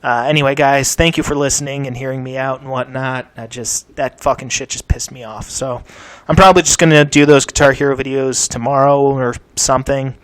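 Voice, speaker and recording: A young man hosting a gaming channel, ranting angrily and swearing, swinging from low mutters to shouts, his mouth sore. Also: fairly even intonation, brisk, few pauses, no echo. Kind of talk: angry vent to camera.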